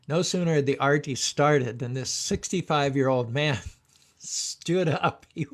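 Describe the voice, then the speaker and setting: A man hosting his own show, telling a story with chuckles and then rapping a song and leading the listeners in a call-and-response chant. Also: fairly high pitch. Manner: chuckles while recalling, rhythmic chanting when rapping. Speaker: show host.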